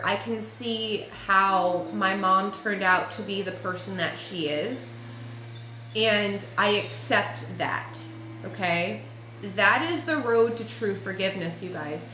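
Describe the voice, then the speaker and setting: A woman's voice: mid-range voice, fairly bright tone, a little hiss or hum. Chatty woman in an echoey room. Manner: emotional, chatty, asks "okay?" often. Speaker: intuitive reader. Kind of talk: casual spiritual forecast talk. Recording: echoey room with faint ambience.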